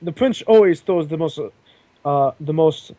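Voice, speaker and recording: A courteous male servant at a grand ball, unflustered, pausing as he hunts for the right word, as a game master voices him. The voice sits a little high for a man, in a dry, close recording. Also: warm tone, dry recording, dull audio, natural voice. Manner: searching for words.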